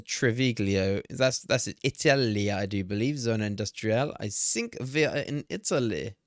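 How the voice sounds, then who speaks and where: A young man streaming a game, talking excitedly, swearing and laughing at himself. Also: fairly low pitch, smooth, no room sound, clean studio sound. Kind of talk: live-stream gameplay commentary.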